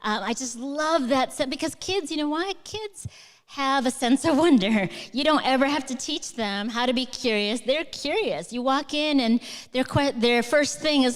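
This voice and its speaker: Woman author chatting at a live talk, lots of ums and you-knows, clear highish voice. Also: normal speed, long reverb tail. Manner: warm, enthusiastic, chatty with many fillers. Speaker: author answering audience questions. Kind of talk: live onstage conversation.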